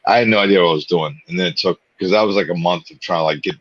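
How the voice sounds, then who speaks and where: A man's voice: low voice, racing, fairly bright tone, dry recording. A man co-hosting a live watch-party stream in casual chat, laid-back, profane and self-mocking. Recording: dull, dry lo-fi stream mic.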